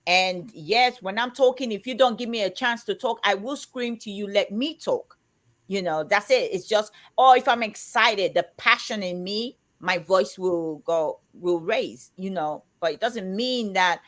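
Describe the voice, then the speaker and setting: A woman in her fifties who talks loudly and emphatically, as if shouting, chatting on a live show. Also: medium pitch, measured pace. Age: 50s. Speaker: co-host of a live chat show. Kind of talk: casual chat.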